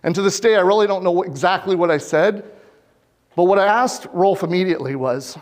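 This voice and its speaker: Man from Canada, farmer presenting, earnest, fairly high voice, long hall reverb. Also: a little fast. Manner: earnest, questions the audience directly. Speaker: farmer giving a conference talk. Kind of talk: public presentation. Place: conference hall. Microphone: lapel mic.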